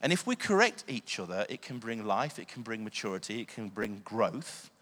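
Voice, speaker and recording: A man's voice: fairly low pitch, big pitch swings, normal speed, a bit bright. Earnest preacher man in a reverberant hall. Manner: earnest, asks the listeners questions. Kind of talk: sermon.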